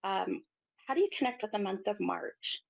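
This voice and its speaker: A woman hosting a psychic show, giving a gentle reading to a caller and calling her hon. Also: mid-range voice, normal speed, gravelly. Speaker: psychic medium host. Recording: muffled lo-fi sound.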